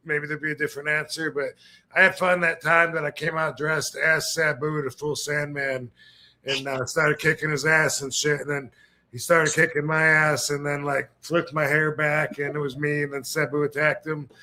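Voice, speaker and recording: A man with a bright, slightly high voice hosts a podcast. He talks in a loose, rambling, laid-back way and laughs along with his guests. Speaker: podcast host. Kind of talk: casual chat.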